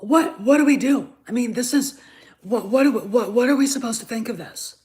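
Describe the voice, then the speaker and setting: A woman hosting her own show, ranting in anger, swearing freely, stammering and repeating herself, dropping from shouts to muttered asides. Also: on the high side, fairly quick. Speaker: show host. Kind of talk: angry ranting commentary.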